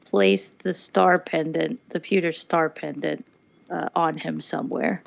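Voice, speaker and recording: A woman playing a tabletop game, describing her character's actions in halting, casual speech. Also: low voice, steady tone, vocal fry. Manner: halting, filler-heavy. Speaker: player.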